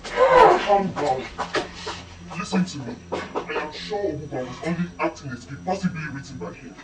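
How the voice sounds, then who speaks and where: An actor playing an earnest young royal son who pleads with his upset mother to calm down. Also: a little high, moderate pace, echoey room, distant mic, rough recording. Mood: pleading. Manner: pleading, soothing. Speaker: film actor. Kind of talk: film drama acting.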